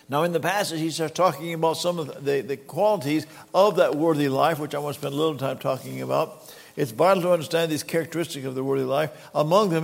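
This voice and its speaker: Older preacher, high gravelly voice, hall echo. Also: male voice. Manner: halting, repeats words, quotes scripture dramatically. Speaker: pastor. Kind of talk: sermon. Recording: long reverb of a hall.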